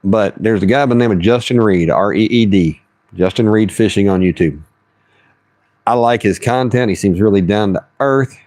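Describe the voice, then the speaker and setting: A man's voice: lowish voice, moderate pace, darkish tone, no echo. A man live-streaming while he fishes, chatting folksy and casual and reading his chat aloud. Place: outdoors on the water.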